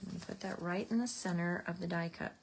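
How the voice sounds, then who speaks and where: A woman's voice: on the low side, quick pace, gravelly, slight background noise. A woman teaching a card-making class, chatting casually as she explains each step while working. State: out of breath at times. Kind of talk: casual craft tutorial.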